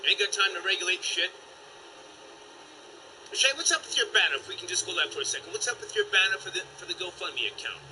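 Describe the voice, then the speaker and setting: A brash man runs a live call-in stream, joking and cursing as he reads donations and takes callers. His voice sits high and cuts through sharply. A faint hiss hangs behind him. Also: expressive, fast, low-quality recording. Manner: loud brash banter with profanity. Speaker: host.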